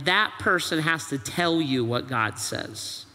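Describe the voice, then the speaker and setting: High, bright-voiced preaching man. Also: takes it slowly, hardly any pauses. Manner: preaching with rhetorical questions and quoted voices, animated. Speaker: pastor. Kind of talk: sermon. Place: church auditorium. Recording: long church hall reverb.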